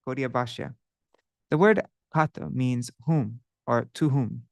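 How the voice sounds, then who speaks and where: A man reading scripture aloud, translating verses and adding commentary with steady, careful delivery. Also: medium pitch, a little slow, vocal fry, no room sound. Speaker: scripture reader and teacher. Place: indoors, livestreamed.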